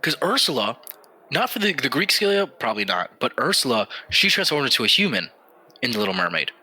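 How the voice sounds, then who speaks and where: A young man co-hosting a comedy podcast, casual and teasing with quick joking asides. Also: medium pitch, sing-song, pushed and bright, slightly rough. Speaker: podcast co-host.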